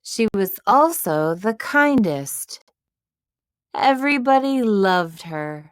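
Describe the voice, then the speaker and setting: A woman narrating a children's writing lesson and storybook in a slow, clear delivery. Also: mid-range voice, big pitch swings, no echo, clean studio sound. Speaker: teacher narrator.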